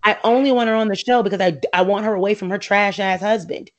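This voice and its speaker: A woman's voice: medium pitch, fast, highs cut off. An American woman chatting casually and opinionatedly about reality TV, laughing often and slipping into voices when she quotes friends.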